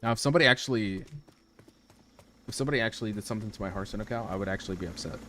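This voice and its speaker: A man streaming from home, telling a personal story to his chat in a casual, animated, profane way, full of restarts. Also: on the low side, racing. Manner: animated, profane, lots of restarts and "you know".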